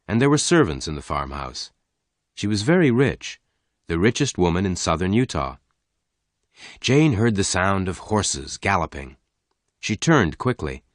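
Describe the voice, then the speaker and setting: Deep-voiced male story narrator. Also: no echo, clean studio sound. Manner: slow, clear reading for learners.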